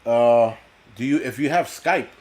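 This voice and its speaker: A man hosting his own live stream, talking straight into a computer mic in a loose, profane rant. He is blunt and opinionated and keeps breaking off to answer the chat. His voice sits at an ordinary middle pitch for a man. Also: unhurried, darkish tone. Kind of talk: casual ranting live stream. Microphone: computer mic on a video call.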